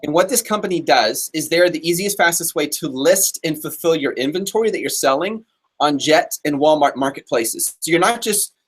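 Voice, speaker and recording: A man's voice: on the high side, animated, fairly bright tone, husky. Upbeat man hosting a live show. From Texas. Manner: upbeat, chatty, quick asides. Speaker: host.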